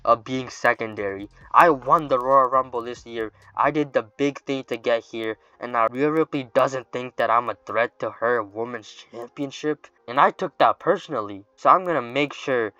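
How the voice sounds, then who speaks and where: A man's voice: medium pitch, moderate pace, hardly any pauses, pushed and bright, no echo, close to an everyday voice. A man voicing a fed-up female wrestling challenger who is impatient to get her title shot. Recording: dull lo-fi dry recording.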